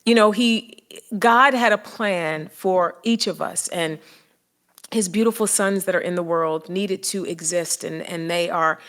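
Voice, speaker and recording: A woman in her fifties, a podcast guest telling a personal story in lively, casual conversation. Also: lowish voice, measured pace. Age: 50s. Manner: lively storyteller, acting out quotes.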